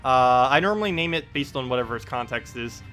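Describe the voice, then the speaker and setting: A chatty male game streamer with a bright, forward voice, talking casually as he plays and answers viewers. He laughs easily and drifts between thoughts, with faint game music under him. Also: mid-range voice, animated, fairly quick. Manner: chatty, reading out chat and laughing often. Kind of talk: casual live-stream chat. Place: home in South Carolina.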